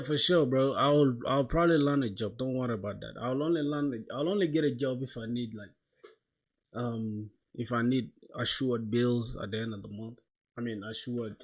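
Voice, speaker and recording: Here a young adult streamer chats casually with his audience while coding, slangy and relaxed, with "bro" in nearly every line. The sound is lo-fi, and his voice sits in the mid range.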